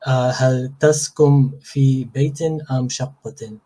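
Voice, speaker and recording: A man answering as a student in a live class, hesitant and halting with fillers. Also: mid-range voice, steady tone, mellow, low-quality recording.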